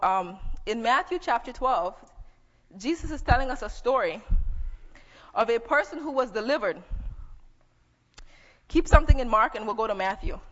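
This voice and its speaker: A woman's voice: a little high, a bit bright, dull audio. Woman preaching in an echoey hall. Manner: conversational Bible teaching, reading scripture aloud. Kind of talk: sermon.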